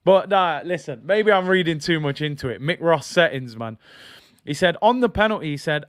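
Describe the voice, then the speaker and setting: A man's voice: on the high side, animated, normal speed, a bit bright, no echo, clean studio sound. A man hosting a football channel, giving casual fan commentary in a chatty, incredulous way and often apologizing.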